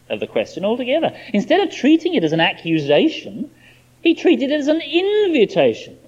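A male preacher delivering an expository sermon with lively, animated intonation. His voice sits a little high, and he drives his points home with emphasis. The recording sounds dull and lo-fi. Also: breathy edge.

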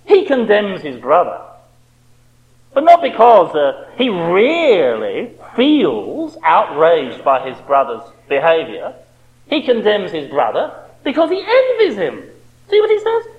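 A man's voice: high-pitched, wildly swooping pitch, slow, narrow, tinny audio. A man preaching a sermon with impassioned rhetorical questions.

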